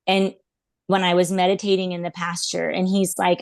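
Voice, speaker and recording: A woman in her thirties with a fairly low voice tells a personal story in a relaxed, earnest way, with plenty of "um" and "like" along the way. The recording is close and dry, with no room sound. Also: normal speed, creaky, dry recording. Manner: earnest, reflective, many fillers like "um" and "like". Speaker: podcast guest, animal intuitive. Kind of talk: casual storytelling interview.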